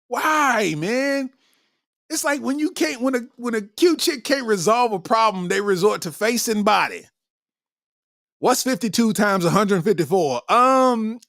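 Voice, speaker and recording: A male comedian hosting a podcast, riffing in an animated, slangy monologue and laughing often. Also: extremely high pitch, no room sound, clean studio sound.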